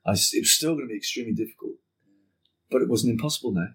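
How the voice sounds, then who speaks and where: A man guests on a podcast, telling a story rapid-fire in a husky, medium-pitched voice. He keeps it casual and animated, cursing openly and playing out others' dialogue.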